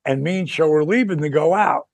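An older man hosting a podcast, telling stories in a casual, animated and profane way, often acting out what other people said. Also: fairly high pitch, a little fast, dry recording. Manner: animated, profane, acts out quoted voices. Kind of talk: casual storytelling chat.

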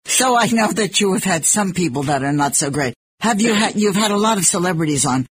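A woman's voice: on the low side, lively intonation, fairly quick, slight background noise. A woman hosting a casual interview, teasing and affectionate with her guest. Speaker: radio host.

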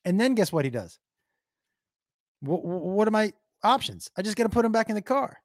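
A man's voice: high voice, a little fast, no echo, studio quality. A man streaming to his live chat, telling stories casually, swearing a lot and doing silly noises. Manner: profane, animated, does silly noises. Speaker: comedian streamer reading chat.

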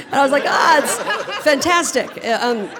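A woman with a fairly high voice tells a true story from a theater stage, animated and quick to laugh. Her voice carries a long reverb from the hall. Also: a crowd in the background. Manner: animated and humorous, laughing through the telling. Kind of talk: first-person storytelling on stage. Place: theater stage before a live audience.

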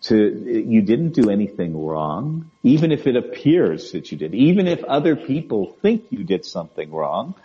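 A man talks gently as an interview guest, in a warm, relaxed voice. He often stumbles over and repeats his words, and he keeps checking in with his listener. The audio sounds dull and lo-fi. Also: lowish voice, normal speed, few pauses. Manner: gentle, repeats and restarts words, often asks "right?" and "you know?". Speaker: guest speaker on emotional wellbeing. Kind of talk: conversational interview.

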